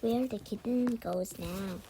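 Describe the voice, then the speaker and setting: A woman's voice: medium pitch, takes it slowly, warm tone, slight background noise, natural voice. A woman reading the lines of a brave young girl protecting a kitten, in a firm, eager way. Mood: determined.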